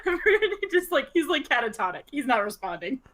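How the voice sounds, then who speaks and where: A woman's voice: high voice, sing-song, moderate pace, fairly bright tone, a little hiss or hum. A woman playing a tabletop game, describing her character in a chatty way with lots of "like". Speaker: player. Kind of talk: tabletop role-play.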